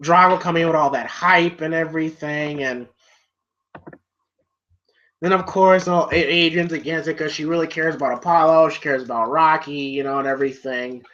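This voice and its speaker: A man's voice: fairly high pitch, fairly even intonation, moderate pace, fairly bright tone. Rambling man reviewing a movie, lo-fi. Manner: rambling, heavy on "you know" fillers, profane. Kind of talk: casual movie review chat. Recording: dull lo-fi recording.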